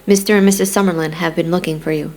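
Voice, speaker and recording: A woman reading the lines of a middle-aged mother who scolds her grown son gently but firmly, in an audiobook. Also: on the low side, steady tone, fast talker, slight background noise, lightly acted. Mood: chiding. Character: loving, chiding Southern-town mother, middle-aged woman.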